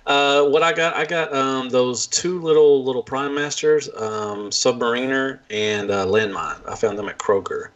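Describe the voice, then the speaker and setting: A man's voice: medium pitch, moderate pace, few pauses, fairly bright tone. A man co-hosting a podcast in casual chat, joking and blunt. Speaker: podcast co-host. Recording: dull lo-fi sound.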